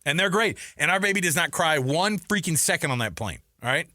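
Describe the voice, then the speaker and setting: A man's voice: on the high side, fairly quick, dry recording, studio quality. A man co-hosting a sports radio show, chatting casually and telling stories with lots of laughter. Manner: animated, laughing storyteller. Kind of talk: casual sports talk chat.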